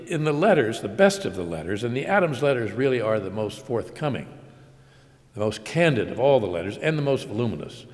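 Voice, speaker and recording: An older American man giving a public lecture at a measured pace, building emphasis through repeated phrases. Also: fairly low pitch. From United States. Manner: measured, slow emphatic delivery with repetitions. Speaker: guest lecturer. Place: large auditorium. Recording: long hall reverb.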